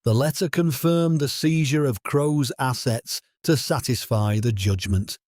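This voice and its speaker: A man narrating a scripted drama story in a steady, solemn way. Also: mid-range voice, measured pace, no room sound, studio quality.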